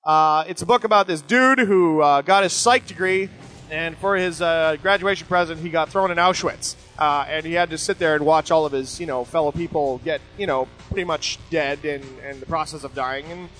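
A man's voice: moderate pace, faint music behind, poor audio. A middle-aged man hosting a show, rambling casually and sarcastically as he answers listener emails. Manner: joking, sarcastic, animated with sudden pitch jumps.

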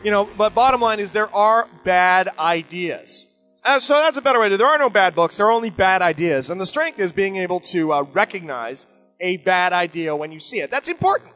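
The recording is rough, with faint music in the background. Speaking briskly, a middle-aged man hosting a show works through listener emails in a loose, rambling way, sarcastic and joking, his animated voice spiking suddenly in pitch.

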